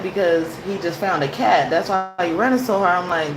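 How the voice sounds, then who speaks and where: A woman's voice: mid-range voice, animated, brisk, few pauses, noisy background. A woman hosting a tarot reading show, talking in a chatty, casual way and laughing often as she tells stories. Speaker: tarot reader and show host. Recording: roomy echo.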